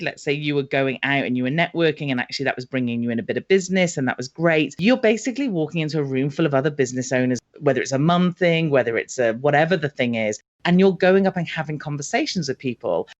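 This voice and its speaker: A woman, a marketing expert guest, talking casually and acting out example conversations as she explains. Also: sits low. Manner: lively storytelling, acts out conversations. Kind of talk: casual interview talk. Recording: dull lo-fi audio.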